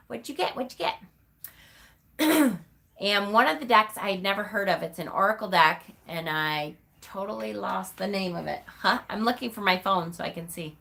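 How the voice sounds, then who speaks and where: A woman's voice: medium pitch, normal speed, creaky, bright, forceful tone. A woman hosting a casual livestream, chatting with viewers, answering their comments by name and calling them honey in an effusive, emotional way. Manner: gushing, emotional. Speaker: livestream host. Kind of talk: casual live chat with viewers.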